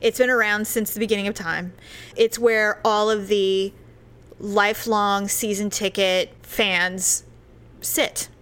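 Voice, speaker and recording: A woman telling a story in casual chat, animated, with loud impressions of other people. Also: mid-range voice, slow pace, clean tone.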